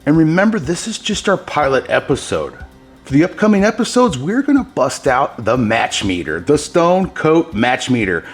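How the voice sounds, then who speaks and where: A man hosting a hands-on epoxy tutorial, talking straight to his viewers, excited by his own results and handing out pro tips as he works. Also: on the high side, moderate pace, soft background music. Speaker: host demonstrating epoxy countertop techniques.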